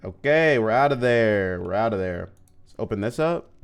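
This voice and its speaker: A man's voice: fairly low pitch, animated, moderate pace, smooth. A man streaming a video game, chatting casually and joking with his viewers as he plays. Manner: chatty and joking, talks to chat while playing. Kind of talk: casual livestream gameplay chat. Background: faint game music.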